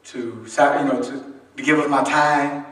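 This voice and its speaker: Here the same kind of folksy, humorous pastor speaks at normal speed in a mid-range, slightly bright voice with fairly even intonation. Preaching conversationally in a church sanctuary, he keeps inviting the congregation to complete his lines. A distant microphone captures the room's echo.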